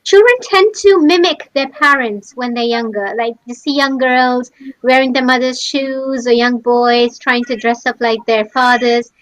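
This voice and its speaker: A woman presenter with a high voice, recorded with a dry, close sound. She asks questions and answers with short affirmations in an interview. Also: steady tone, unhurried, no echo, low-quality recording. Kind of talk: interview conversation.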